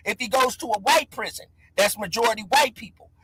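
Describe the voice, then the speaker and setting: A man's voice: high-pitched, brisk, a bit bright, slightly rough, rough recording. A man hosting a casual livestream chat, talking loosely and hyping up his viewers. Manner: loose, conversational, hypes the chat. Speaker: livestream host.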